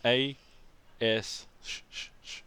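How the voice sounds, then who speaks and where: A man from Australia tells a casual, rambling anecdote, restarting phrases and drifting into asides. His voice sits at an ordinary middle pitch and has a smooth, resonant tone. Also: flat delivery, slow pace, sharp tone. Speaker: vlogger telling anecdotes. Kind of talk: casual storytelling monologue.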